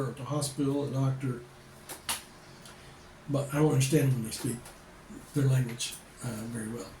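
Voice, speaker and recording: A man's voice: on the high side, darkish tone, distant mic, slight background noise. Older man, plain-spoken, echoey room. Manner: plain-spoken, rambling, repeats himself. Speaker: expat vlogger. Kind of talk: casual advice talk to camera. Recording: echoey room, voice away from the mic.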